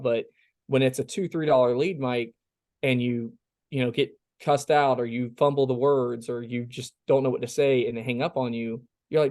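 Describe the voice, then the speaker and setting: A man's voice: medium pitch, steady tone, normal speed, darkish tone, dry recording, clean studio sound. A man from South Carolina coaching his insurance sales team in a casual, folksy way, acting out his phone lines as he goes.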